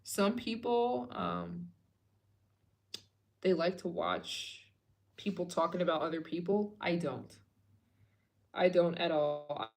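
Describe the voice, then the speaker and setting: A tired young woman hosts a late-night livestream, talking loosely to her viewers. Her speech wanders with fillers and restarts, often sinking to a low, sleepy murmur before she perks up again. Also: slow pace, gravelly, long pauses. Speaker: travel vlogger hosting a fundraiser livestream.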